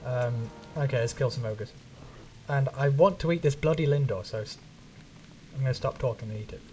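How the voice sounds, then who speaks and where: A man's voice: medium pitch, moderate pace, darkish tone, recorded from a distance, faint music behind. A man from England with a neutral English accent, chatting casually and rambling while streaming a game, swearing now and then. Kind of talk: casual gaming stream chat.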